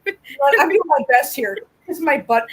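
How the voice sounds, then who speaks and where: A woman's voice: high voice, very animated, fairly quick, poor audio. A woman hosting a casual live chat about cats, playful and mock-offended. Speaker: livestream host.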